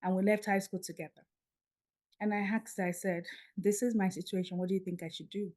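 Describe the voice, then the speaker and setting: Animated woman telling a story. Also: medium pitch, a little fast. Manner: animated, acts out dialogue. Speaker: podcast guest. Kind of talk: storytelling in an interview.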